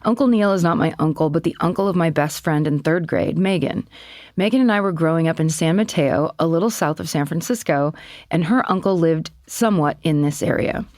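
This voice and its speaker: A woman co-hosting a podcast, chatting and reading a listener email with quick asides. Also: low-pitched, darkish tone, dry recording, clean studio sound. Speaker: podcast co-host.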